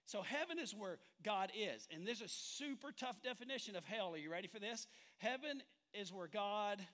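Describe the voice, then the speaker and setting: A man with a high, light voice delivers a sermon in a church sanctuary. He speaks conversationally, quizzing the congregation and cracking jokes as he teaches. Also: expressive, a little fast, sharp tone. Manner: conversational, engages the congregation with questions and humor. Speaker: pastor.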